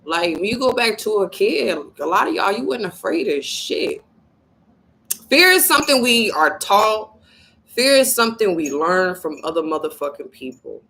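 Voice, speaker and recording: A young adult woman giving a casual, profane motivational talk to her viewers, telling a story with lively quoted voices. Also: mid-range voice, moderate pace, low-quality recording. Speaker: spiritual vlogger.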